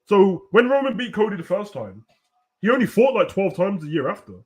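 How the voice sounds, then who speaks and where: A young man hosting a casual, animated wrestling rant full of slang, at times breaking into shouts. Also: sits high, a little fast. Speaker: host. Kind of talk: casual ranting commentary.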